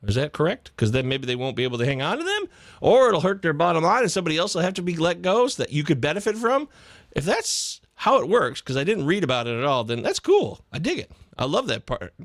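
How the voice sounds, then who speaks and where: A man's voice: fairly high pitch, quick pace, dry recording. Hyped up guy hosting a live sports chat, bouncy voice, jokey, dry close mic. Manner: excitable, jokey, swings between loud bursts and mutters. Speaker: podcast host. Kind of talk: live fantasy football chat.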